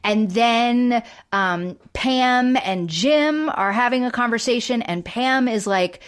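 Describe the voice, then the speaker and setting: Chatty woman podcast co-host, a bit high. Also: takes it slowly, smooth. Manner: chatty retelling, lots of "like" and quoted asides. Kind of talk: casual chat recapping a sitcom episode.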